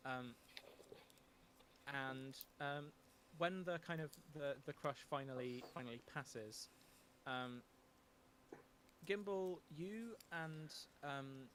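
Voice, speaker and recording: A man's voice: medium pitch, slow pace, pauses often, a bit bright, slight background noise. Hesitant man running a tabletop game. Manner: hesitant, many ums and restarts. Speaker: game master.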